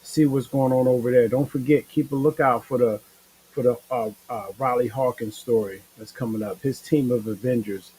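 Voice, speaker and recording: A man's voice: mid-range voice, steady tone, moderate pace, mellow, husky, rough recording. A tired man hosting a casual live-stream chat, rambling in a laid-back, slangy way with lots of fillers. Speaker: show host.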